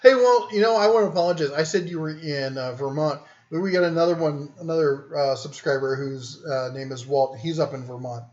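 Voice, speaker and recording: A man's voice: fairly high pitch, brisk, few pauses, a little mellow, highs cut off. A man hosting a casual livestream from home, joking and rambling as he reads viewer comments aloud. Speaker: livestream host. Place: home den.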